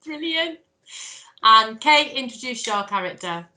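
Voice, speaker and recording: In an echoey room, a woman runs a drama workshop, encouraging participants through the exercise step by step. Her fairly high voice is expressive, pushed and bright, and she speaks a little slowly.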